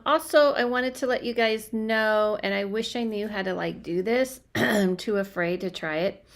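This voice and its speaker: A young woman working as a spiritual medium, chatting casually on a livestream from home, scattered and full of fillers and restarts. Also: medium pitch. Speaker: medium doing live readings. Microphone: phone or webcam livestream.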